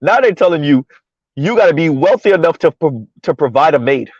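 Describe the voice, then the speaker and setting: Driving through floodwater, a commentary vlogger from South Florida talks casually to his audience, his slightly high voice animated and fairly quick. He's chatty, says things more than once, and laughs a lot. The lo-fi recording has no room sound.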